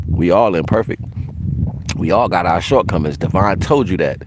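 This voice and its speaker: A man's voice: low voice, lively intonation, a little slow, long pauses. A man hosting a spiritual livestream in a brash, profane, casual way, laughing often.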